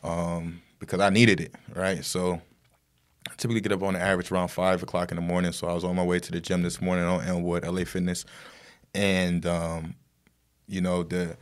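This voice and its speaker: A man's voice: deep voice, little pitch movement, a little fast. A man talking as a guest, telling a story in a rambling casual way with lots of fillers and tag questions.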